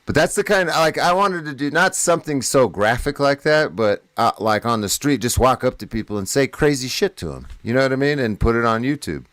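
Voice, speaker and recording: A man's voice: medium pitch, expressive, a little fast, hardly any pauses, fairly bright tone, dry recording. A man casually telling a rambling, profane prison story in a podcast chat, laughing at his own tale.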